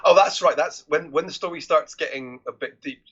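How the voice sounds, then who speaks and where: With a husky, sharp-toned voice on the high side, a podcast co-host talks a little fast as he casually retells film scenes, quotes characters, and restarts many times. The recording sounds dull and lo-fi.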